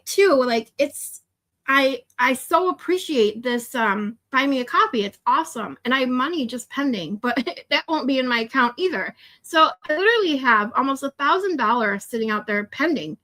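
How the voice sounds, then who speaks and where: A woman's voice: high-pitched, sharp tone. A woman chatting on her livestream with viewers, rambling, laughing often and turning tearful. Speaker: streamer. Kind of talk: casual livestream chat with viewers.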